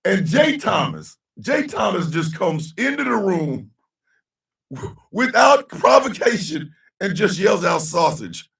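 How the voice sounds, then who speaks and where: A man hosting a casual live-stream show, loud and laughing, heavy on slang. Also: sits high, big pitch swings, unhurried, gravelly, distant mic. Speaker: host. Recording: echoey room, a bit off-mic.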